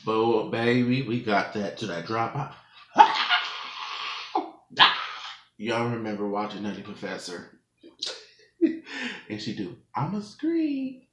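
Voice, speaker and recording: A man's voice: fairly low pitch, steady tone, moderate pace, few pauses. A man in his twenties, a mukbang vlogger telling a rambling story to his viewers at home, laughing often as he talks. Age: 20s. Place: room at home. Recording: echoey room.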